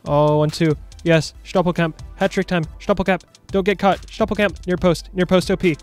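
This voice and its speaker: A young man giving jokey, animated commentary over his own football video game matches. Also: high voice, moderate pace, clean tone, soft background music. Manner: animated, jokey, shouts at big moments. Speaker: gaming YouTuber. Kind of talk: excited gameplay commentary.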